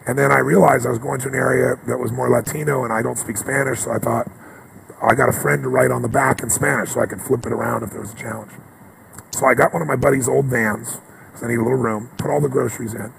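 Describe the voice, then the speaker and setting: Male motivational speaker, very rough, raspy voice, animated personal storytelling, clear background noise on the track. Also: medium pitch. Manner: emphatic, animated storytelling, often asking "right?".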